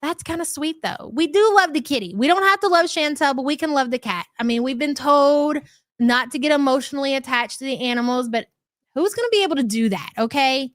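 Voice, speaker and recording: A woman's voice: sits high, animated, fairly quick, dry recording. Sarcastic woman hosting a livestream. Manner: sarcastic, scornful, greets chatters by name. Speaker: livestream commentary host. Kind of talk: casual livestream commentary.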